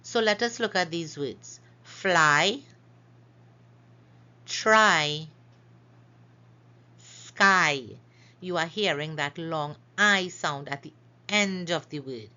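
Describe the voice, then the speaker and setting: A woman teaches phonics at an unhurried pace and carefully sounds out each example word. Her voice is bright and sits a little low. The recording is somewhat dull and lo-fi. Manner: slow, careful, stretches out example words. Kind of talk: phonics lesson narration over slides.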